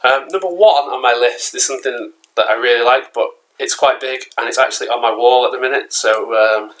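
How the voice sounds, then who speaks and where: This English collectibles vlogger has a medium-pitched, fairly bright voice and talks fairly quickly. He chats casually indoors at home, rambling with frequent fillers and restarts, in a low-quality recording.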